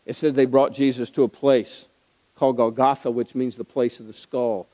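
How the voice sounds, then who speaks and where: A male pastor preaching a conversational sermon that swings between hushed, grave moments and impassioned emphasis. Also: mid-range voice, fairly even intonation, moderate pace, long reverb tail, rough recording.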